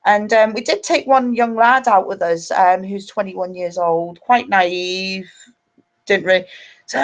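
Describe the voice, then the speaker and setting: A woman's voice: mid-range voice, measured pace, muffled recording. A woman hosting a live stream, angry, sweary and ranting. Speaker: livestream host.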